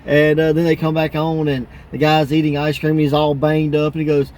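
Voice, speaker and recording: A man hosting a casual wrestling podcast, laughing often and acting out quoted wrestlers in higher voices. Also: flat delivery, moderate pace, darkish tone. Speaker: podcast host.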